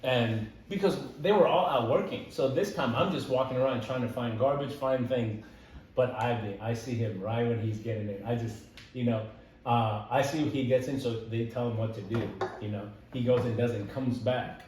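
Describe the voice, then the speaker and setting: A young man tells stories in easy conversation, getting animated and laughing at his own tales. His voice sits in the middle of the male range. The mic is well away from him, so the sound is roomy and echoing, with a faint hiss underneath. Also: mid-range voice, normal speed. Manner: animated, laughs while telling stories, many "like" and "dude" fillers. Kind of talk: casual storytelling conversation. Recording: echoey room, voice from some distance.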